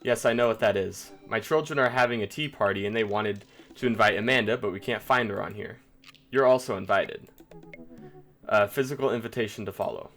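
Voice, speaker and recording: A man voicing a stiff, awkward dad in a dating game, speaking in a slow, stilted, robotic way. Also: on the low side, a bit bright, soft background music.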